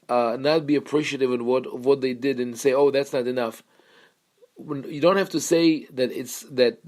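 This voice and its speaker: A man, a rabbi, giving a Torah class in a halting way with frequent restarts. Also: mid-range voice, darkish tone. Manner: halting, with many restarts and fillers.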